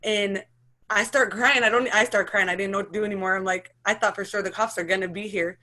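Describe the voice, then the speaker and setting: Woman in her thirties, halting and emotional. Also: medium pitch, steady tone, sharp tone. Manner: halting, run-on sentences with many restarts. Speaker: interviewee, mother sharing her story. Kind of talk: emotional personal account.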